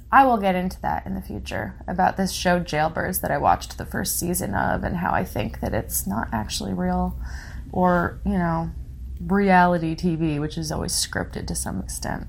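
Weary, tearful woman with a lowish voice. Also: creaky, a little hiss or hum. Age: young adult to middle-aged parent. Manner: weary, halting, with nervous laughs. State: tired and close to tears. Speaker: podcast host. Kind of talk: casual solo commentary reading listener comments.

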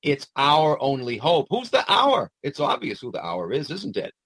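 A man with a husky, slightly rough voice rants his way through a monologue, indignant and profane, stumbling over frequent "uh"s. The sound is dry and close. His pitch sits in an ordinary middle range. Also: huge pitch swings, moderate pace, a bit bright, no echo, poor audio. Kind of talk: ranting monologue commentary.

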